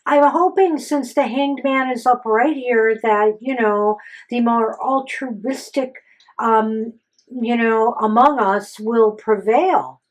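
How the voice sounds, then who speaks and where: Higher-voiced woman musing over tarot cards. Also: slow, low-quality recording. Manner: rambling, many "you know" fillers. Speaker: co-host tarot reader. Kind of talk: casual tarot reading chat.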